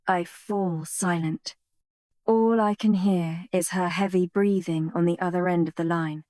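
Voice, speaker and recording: A woman reads a first-person romance audiobook at an unhurried pace. Her voice is mellow and close, and the recording is dry with no room sound. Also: lowish voice, fairly even intonation, dry recording. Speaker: audiobook narrator.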